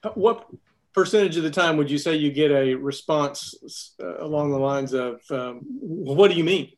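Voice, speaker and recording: Male participant, slightly higher voice, hesitant and careful questions. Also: normal speed, a little mellow. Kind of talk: questions in a group session.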